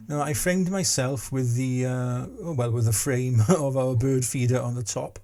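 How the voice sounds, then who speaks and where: Older man, sixties, gravelly voice, casual vlog chat, rambling, self-mocking. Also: mid-range voice, steady tone, normal speed, dark tone. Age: 60s. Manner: rambling, self-deprecating, full of restarts. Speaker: vlogger.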